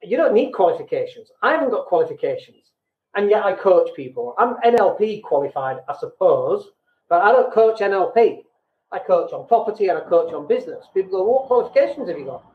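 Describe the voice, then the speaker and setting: A man's voice: high-pitched, animated, a little fast. British man, blunt podcast talk. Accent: British English. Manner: blunt, self-deprecating, acts out quoted people. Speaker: podcast host. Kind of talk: casual business podcast talk. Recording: echoey room, tinny phone-like sound.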